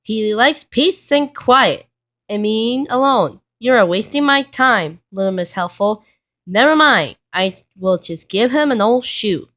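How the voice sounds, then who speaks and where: A woman's voice: fairly high pitch, expressive, unhurried, a bit bright. A woman voicing a blunt, dismissive rude cartoon man in a storybook reading. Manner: curt, dismissive.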